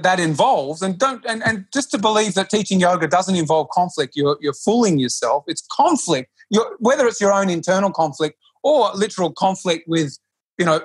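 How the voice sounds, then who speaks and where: A man's voice: high-pitched, breathy edge, no echo. A man, a yoga teacher being interviewed, who talks earnestly and often restarts his sentences. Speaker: yoga teacher, podcast guest. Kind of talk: reflective conversational interview.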